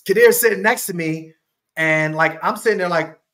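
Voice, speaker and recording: Animated male storyteller on a podcast. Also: normal speed. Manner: animated, laughing, acts out quotes with big pitch jumps. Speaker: podcast guest. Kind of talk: casual storytelling.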